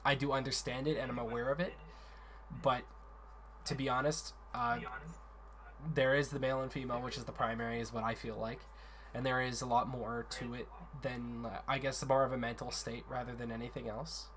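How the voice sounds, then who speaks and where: A man's voice: mid-range voice, level tone, a little fast, a bit bright, a little hiss or hum. A man in a casual voice chat, earnestly explaining a gaming community's conduct rules at length, often restarting his sentences.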